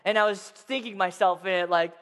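A man in his thirties telling a personal story to a live audience in a playful, animated way, asking the crowd questions as he goes. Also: high-pitched, fairly quick. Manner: playful, addresses the crowd directly. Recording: long hall reverb.

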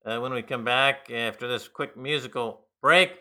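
A man's voice: medium pitch, moderate pace, pushed and bright. A man co-hosting a talk radio show, giving wry, sardonic commentary on the news in casual studio chat. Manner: wry, sardonic, mocks with put-on voices.

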